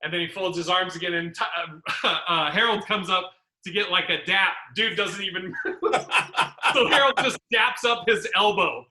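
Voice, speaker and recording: A man hosting a podcast, telling comedy road stories in a rambling, animated way and acting out the people he quotes. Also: high-pitched, normal speed. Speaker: podcast host. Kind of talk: casual storytelling chat. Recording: roomy echo.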